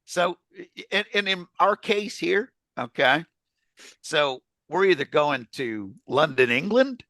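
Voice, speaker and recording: A man's voice: fairly high pitch, slow, sharp tone, dry recording. A man co-hosting a podcast in casual chat, laughing easily and repeating his words as he gets going. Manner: laughs often, repeats words as he starts sentences. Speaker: podcast co-host.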